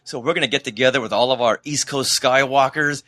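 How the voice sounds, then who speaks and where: A man from the Boston area co-hosting a podcast in casual chat, enthusiastic and quick to laugh. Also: medium pitch, sharp tone. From Boston area, USA. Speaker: podcast co-host.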